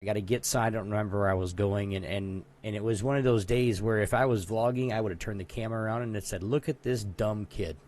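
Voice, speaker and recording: A man's voice: lowish voice, fairly even intonation, fast talker, few pauses, darkish tone. A man co-hosting a podcast, telling a long story in casual chat, rambling with lots of asides. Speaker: podcast co-host.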